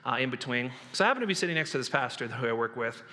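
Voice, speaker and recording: A male pastor preaching an animated, jokey sermon in a church. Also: mid-range voice, racing. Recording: echoey hall.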